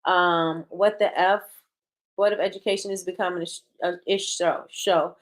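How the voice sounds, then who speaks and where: A woman's voice: fairly low pitch, steady tone, moderate pace. A woman hosting a casual talk show who gives frank opinions, reads out and answers viewer comments, and repeats her points for emphasis. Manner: frank and blunt. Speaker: host. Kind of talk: casual opinion talk, reading live chat.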